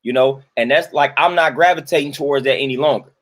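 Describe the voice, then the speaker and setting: A man's voice: mid-range voice, fast, a bit bright. A man, commenting in a casual monologue and preaching his point through repetition.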